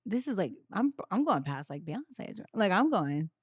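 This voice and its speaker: A woman's voice: mid-range voice, moderate pace, breathy edge, no echo, clean studio sound. A woman in her thirties hosting a podcast, chatting casually and acting out the people in her stories with big voices. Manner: animated storyteller, acts out quotes loudly. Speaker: podcast host. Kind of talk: casual chat.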